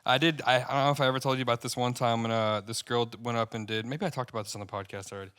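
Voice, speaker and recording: A man's voice: medium pitch, fairly even intonation, fairly bright tone, smooth. A young man co-hosting a podcast, chatting casually, swearing a lot and getting worked up as he rambles about stand-up. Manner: profane, rambling, gets worked up fast. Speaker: podcast co-host and stand-up comic.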